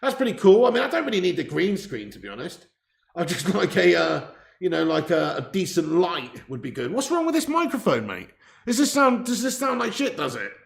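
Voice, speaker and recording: This high-voiced man is very animated and brisk, with vocal fry, as he hosts a live football watch-along stream from an indoor room. He chats casually, laughs a lot, and reads out viewer messages. The laptop mic sits far away with its gain turned up, so the room echoes.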